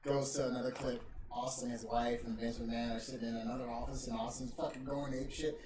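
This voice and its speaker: A man's voice: medium pitch, level tone, brisk. A man hosting a podcast, telling stories in casual chat with lots of laughter and swearing. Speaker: podcast host. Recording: roomy, distant mic with faint noise.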